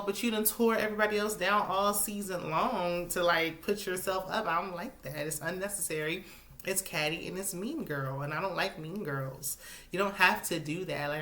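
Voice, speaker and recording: A sassy woman with a lowish, bright, forceful voice chats through her reality TV recap. She drops into asides and shoots up into high exclamations when something annoys her. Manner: sassy, animated commentary with sudden high-pitched exclamations. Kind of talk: casual chat.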